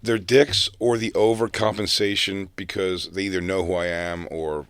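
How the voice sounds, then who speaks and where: A man with a very low voice tells loose, profane stories in an offhand podcast chat. The recording is dry and close, with no room sound. He rambles and laughs as he goes. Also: steady tone, moderate pace, fairly bright tone, clear, resonant tone, dry recording. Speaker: podcast co-host. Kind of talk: casual storytelling chat.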